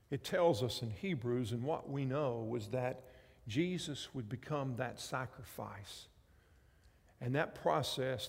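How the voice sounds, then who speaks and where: A man delivers a sermon from the pulpit, leaning into repetition and rising emphasis. His voice sits at an ordinary middle pitch. The sound carries a long reverb, as in a large church hall. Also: gravelly. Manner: emphatic, repetitive preaching cadence. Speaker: pastor.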